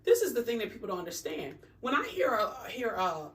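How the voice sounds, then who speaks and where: A woman therapist talking in an animated, filler-heavy conversational way. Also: medium pitch, fairly quick, distant mic. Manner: animated, uses many fillers. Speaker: therapist guest. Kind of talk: casual conversation.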